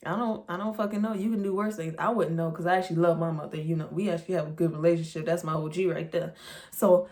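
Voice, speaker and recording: A woman's voice: on the low side, fairly even intonation, quick pace, a little mellow. A woman vlogger telling a storytime in a blunt, profane, incredulous way. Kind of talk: storytime vlog.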